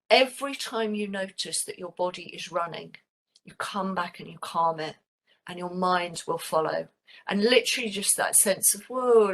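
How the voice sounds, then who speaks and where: A middle-aged woman leads a mindfulness webinar in a calm, unhurried voice that sits a little low. She speaks gently and lets some phrases fall away into soft, quiet asides. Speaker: mindfulness teacher. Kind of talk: webinar teaching.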